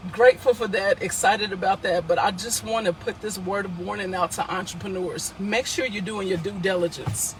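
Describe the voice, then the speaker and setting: A man's voice: high-pitched, a little hiss or hum, rough recording. A man speaking emphatically and repetitively in a live social media talk, addressing his followers as a founder. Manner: emphatic, repetitive, preacherly exhortation.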